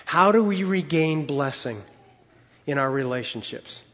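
A male pastor preaching a sermon, emphatic and preacherly, slowing down to stress key words. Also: fairly high pitch, animated, a bit bright, big-room sound, highs cut off.

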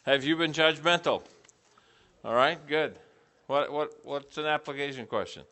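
A man's voice: a little high, normal speed, pushed and bright. A middle-aged man teaching a preaching class, putting questions to the group and repeating back their answers.

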